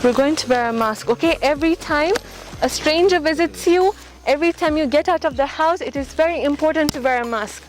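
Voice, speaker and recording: Her voice high and brisk with few pauses, a woman from a charity shows children how to use face masks and sanitizer while wearing a mask herself. She is patient and repetitive, checking in often; the audio is poor, with loud music running beneath her speech.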